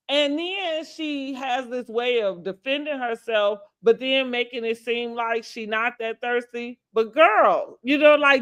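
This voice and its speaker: A woman with a somewhat high voice dishes on reality TV in a casual co-hosted chat. She is animated and sassy, swings her pitch up for emphasis and laughs often. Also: slow. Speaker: co-host recapping reality TV.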